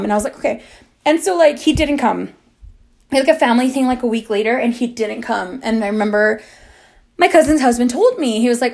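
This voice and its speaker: A woman's voice: on the high side, fairly quick. A woman in her twenties telling a story in casual monologue, talking in a chatty way with lots of "like" and swearing. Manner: chatty, heavy use of "like", swearing, dramatic retelling. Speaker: amateur audio creator.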